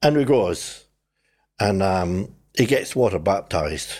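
Older kiwi guy, husky voice, telling his story, does the voices of people in it. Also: low voice, takes it slowly. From New Zealand. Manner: animated storyteller, acts out his own past voice and others. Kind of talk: conversational testimony.

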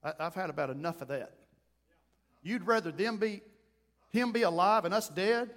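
A man voicing a blunt male army commander who scolds a grieving king, talking fast and emphatically. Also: extremely high pitch, expressive, in a large hall, voice pushed up. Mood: scolding.

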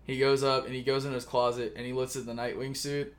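A man co-hosting a podcast in casual chat, pitching a movie plot in a profane, rambling way. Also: level tone, fast talker. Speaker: podcast co-host.

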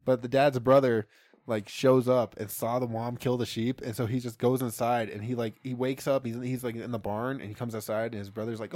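A young man in casual chat, retelling a film plot in an animated, profane way. He laughs often and acts out the characters' lines. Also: mid-range voice, a little fast, no room sound, clean studio sound. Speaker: podcast co-host.

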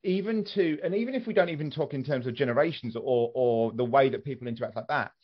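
A man's voice: mid-range voice, fast, slightly rough. A man from southern England in a casual podcast chat, talking animatedly, swearing freely and often restarting his sentences. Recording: slightly dull podcast audio.

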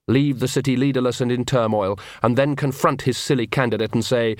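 A man's voice: mid-range voice, fairly even intonation, brisk, few pauses, no echo. A man narrating a comic fantasy audiobook in a dry storytelling manner. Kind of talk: scripted narration.

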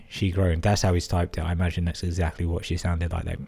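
A man's voice: deep voice, little pitch movement, brisk, gravelly, few pauses, warm tone, breathy edge. A man hosting a podcast, reading out listener emails and breaking in with crude, amused asides. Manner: crude, sweary, amused interjections. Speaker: podcast host.

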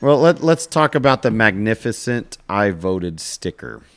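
A man hosting a casual podcast, calmly steering topics and smoothing over arguments. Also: fairly low pitch, unhurried. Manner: calm, conciliatory moderator.

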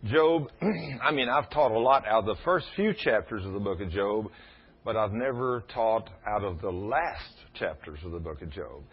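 A middle-aged man, preaching a storytelling sermon in a folksy, animated way. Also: on the low side, normal speed, breathy edge. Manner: folksy, animated, laughs at his own stories. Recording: dull lo-fi recording.

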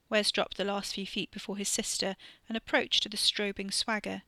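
A woman narrates a story in a steady, even reading voice. Her tone is bright and clear, recorded close and dry with no room sound. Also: medium pitch, normal speed, hardly any pauses, no echo. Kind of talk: audiobook fiction reading.

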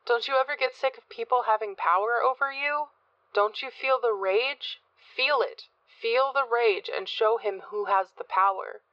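A woman's voice: fairly high pitch, measured pace, dry recording, pitched above the performer's own voice, natural voice. A woman playing a gleeful psychopathic man in a horror audiobook, urging others on in an eager, coaxing voice. The sound is dry and close, with a slightly dull, lo-fi edge. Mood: intense.

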